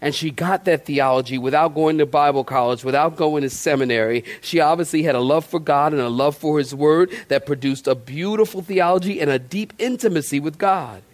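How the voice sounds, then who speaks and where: A man's voice: a little high, fairly quick, hardly any pauses. A man, a pastor preaching a sermon in a church, folksy and conversational with playful asides. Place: church sanctuary.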